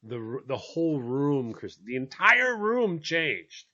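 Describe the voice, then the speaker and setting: A man's voice: mid-range voice, sing-song, takes it slowly, bright, forceful tone. A man telling a funny story with drama, acting out the voices and laughing often. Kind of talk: animated storytelling. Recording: dull lo-fi sound.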